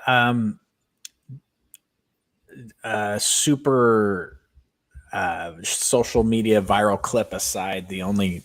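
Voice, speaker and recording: Low-voiced opinionated man talking football. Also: no echo. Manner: opinionated, hedging, frequent fillers. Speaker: podcast co-host. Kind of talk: casual sports chat.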